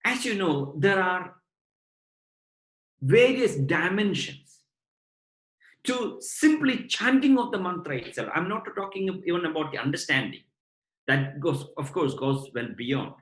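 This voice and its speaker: A man giving a devotional lecture on scripture to his students, explaining point by point in a measured way. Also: sits high, animated, a bit bright. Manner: measured, explanatory, addresses listeners as brothers and sisters. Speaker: spiritual lecturer. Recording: roomy echo.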